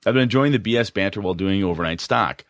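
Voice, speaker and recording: A man's voice: fairly low pitch, fast talker, a bit bright, no room sound, clean studio sound. A man co-hosting a gaming podcast, rambling and hedging with many restarts in casual chat. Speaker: podcast co-host.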